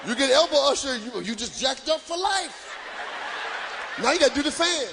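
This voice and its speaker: A man performing live stand-up comedy, loud and animated, shouting punchlines to the crowd from a stage. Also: very high-pitched, normal speed, noisy background. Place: stage before a live audience.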